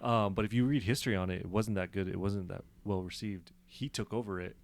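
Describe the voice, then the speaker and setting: A man's voice: on the low side, steady tone, brisk, gravelly, a little hiss or hum. A man co-hosting a podcast in casual chat, laid-back and often trailing off as he searches for words. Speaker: podcast host.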